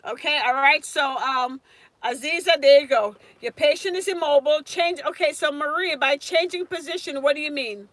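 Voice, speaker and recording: A woman's voice: high voice, moderate pace, a bit bright, no room sound. A woman tutoring nursing students on a casual live stream, chatting and answering viewers' comments by name.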